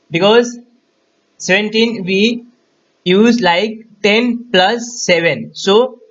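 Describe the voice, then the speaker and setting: A man teaching a recorded French lesson, repeating each phrase slowly to model pronunciation. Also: sits high, a bit bright, lo-fi sound. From India.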